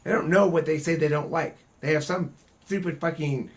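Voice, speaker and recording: A man hosting a casual group discussion, talking bluntly and profanely in an animated, ranting way. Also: on the high side, moderate pace. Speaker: host.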